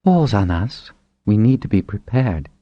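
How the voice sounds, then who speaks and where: A man voicing a commanding, sharp-witted woman who leads dragonriders in an audiobook, speaking firmly and persuasively. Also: fairly low pitch, big pitch swings, measured pace, dry recording, muffled recording, voice pushed up. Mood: resolute.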